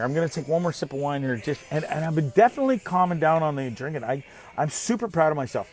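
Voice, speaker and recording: A man in his thirties from Canada, hosting a live show and ranting in an animated, exasperated way, swearing and calling people names. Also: fairly high pitch, fast talker. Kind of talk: ranting monologue.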